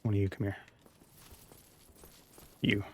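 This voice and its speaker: A man streaming a video game, taunting enemies with profane, slow-paced commentary. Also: lowish voice, little pitch movement, breathy edge. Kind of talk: casual gaming commentary.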